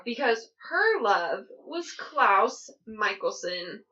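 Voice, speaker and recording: A woman's voice: a little high, very animated, takes it slowly, pushed and bright, dull audio. A young woman co-hosting a podcast, chatting with enthusiasm and plenty of fillers. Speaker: podcast co-host. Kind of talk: casual chat.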